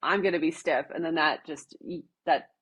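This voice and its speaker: Husky Wisconsin woman, casual chat. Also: deep voice, steady tone, normal speed, fairly bright tone. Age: middle-aged. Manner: many fillers and restarts, thoughtful. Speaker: podcast guest.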